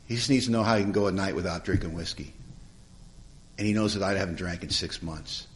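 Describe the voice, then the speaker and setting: A middle-aged man telling his recovery story to a live conference audience, in a humorous, colloquial, animated way. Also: medium pitch. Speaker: AA speaker.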